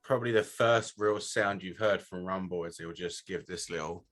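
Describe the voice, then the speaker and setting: A man's voice: deep voice, fairly even intonation, normal speed, hardly any pauses, fairly bright tone, soft background music. A man playing a tabletop game, describing how his character reacts. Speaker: player.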